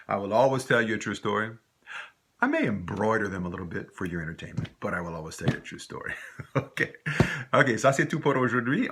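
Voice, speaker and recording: A man's voice: lowish voice, pushed and bright, breathy edge. A man teaching a recorded language lesson, rambling into anecdotes and switching between French and English.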